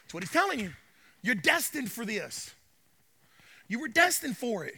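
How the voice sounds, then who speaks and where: A male pastor preaching a sermon to his congregation, swinging from quiet asides to hollering and calling out to the crowd. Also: extremely high pitch, very animated, normal speed, long pauses, slightly rough, big-room sound. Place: church sanctuary.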